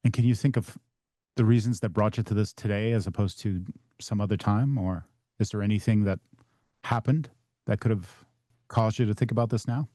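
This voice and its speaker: Trainee guy practicing a sales call, kinda hesitant, mellow low voice. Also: a little fast, dry recording, clean studio sound. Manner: hesitant, restarts often.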